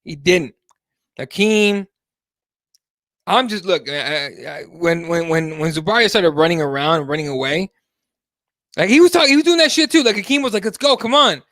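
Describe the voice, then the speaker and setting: A man with a fairly high voice hosts a live MMA talk show. He talks in a loose, animated way and swears freely. His voice is close and dry, with no room sound around it. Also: moderate pace, pauses often, no room sound. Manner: casual, animated, swears freely, reads chat aloud. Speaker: host.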